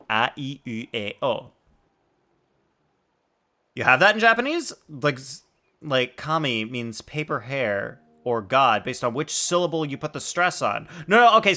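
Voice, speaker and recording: A man's voice: fairly high pitch, pushed and bright. A man live-streaming a video game, chatting casually and animatedly with his chat and laughing often.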